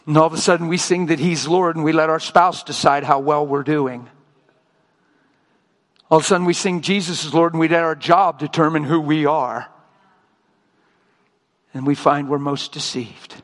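An older man preaching a sermon, telling stories and acting out both sides of conversations with lively, emotional delivery. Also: on the high side, normal speed, pauses often, big-room sound. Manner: animated storytelling, acting out dialogue.

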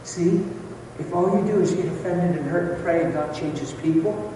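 A man's voice: a little high, moderate pace. Preacher man in an echoey hall. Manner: emotional storytelling, acts out voices, swings from loud to hushed. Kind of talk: sermon. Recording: echoey hall from far off, noisy.

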